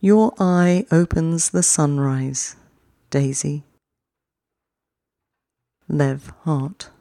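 Short poems are read slowly and deliberately, each one twice, with long pauses between lines, then the host signs off in a quicker, chattier way. The mellow, creaky voice sits at a middling pitch, and the sound is dry and close with no room tone.

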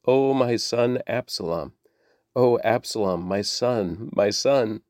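A man's voice: medium pitch, slow pace, a little mellow, no room sound, studio quality, close to an everyday voice. A man reading the lines of a grieving old king, sorrowful and lamenting.

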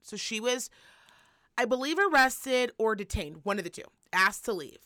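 Podcast host, female, bright forceful voice, dry close sound, animated profane storyteller. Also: fairly high pitch, normal speed, no echo. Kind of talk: casual gossip chat.

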